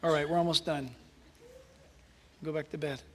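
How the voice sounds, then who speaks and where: A male pastor preaching a sermon, animated, dropping to hushed asides and rising to loud exclamations. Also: fairly high pitch, moderate pace, long reverb tail, a little hiss or hum.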